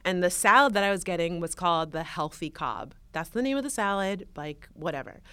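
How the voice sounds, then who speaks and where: A woman's voice: fairly low pitch, brisk, clear, resonant tone, dry recording. A woman co-hosting a casual studio chat, telling stories animatedly and acting out arguments with lots of swearing. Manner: animated storytelling, acts out arguments, swears often. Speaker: podcast co-host.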